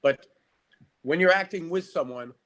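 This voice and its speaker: A man's voice: on the high side, moderate pace, a bit bright. A middle-aged man from Canada, a guest actor in a casual podcast interview, talking frankly with many stammering restarts.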